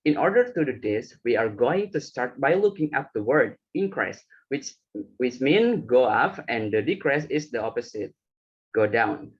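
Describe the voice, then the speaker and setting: Guy reading slides for class, kinda husky, dull muffled audio. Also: mid-range voice, very animated, normal speed. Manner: reads slides, hesitant with fillers. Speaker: student presenter. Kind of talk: class presentation.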